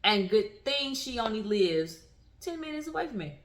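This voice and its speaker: A woman's voice: a little high, sing-song, normal speed. A woman in her thirties talking candidly to camera as a vlogger, earnest and emphatic, repeating phrases to drive them home. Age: 30s. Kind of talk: candid personal talk to camera.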